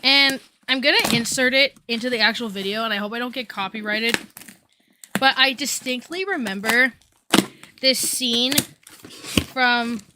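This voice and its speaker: A woman's voice: a little high, unhurried, pauses often, noisy background. A young woman chatting casually on a commentary stream, rambling with many fillers and asides.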